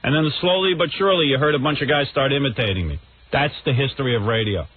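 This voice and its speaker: A man's voice: mid-range voice, fast, slight background noise. A man hosting a radio show, ranting in a brash, combative way. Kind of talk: radio rant. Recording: tinny phone-like radio recording.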